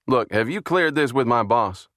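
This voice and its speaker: A man's voice: medium pitch, lively intonation, normal speed, a bit bright, no room sound, studio quality, voice pushed up, lightly acted. A man reading the lines of a blunt, skeptical male FBI agent in an audiobook. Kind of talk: audiobook character voice.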